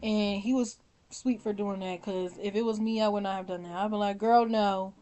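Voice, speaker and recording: A young woman vlogger giving casual, opinionated commentary, animated and blunt, often laughing and swearing. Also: mid-range voice, fairly quick. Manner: animated, swears, laughs often, mimics her own reactions. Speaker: vlogger ranking reality show contestants.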